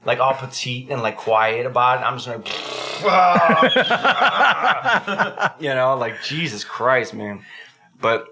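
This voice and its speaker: A man co-hosting a casual podcast who tells crude stories with lots of swearing and laughter, and jumps into a high squeaky voice to act out other people. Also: very animated, slow, sharp tone. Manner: laughs often, swears freely. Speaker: podcast co-host.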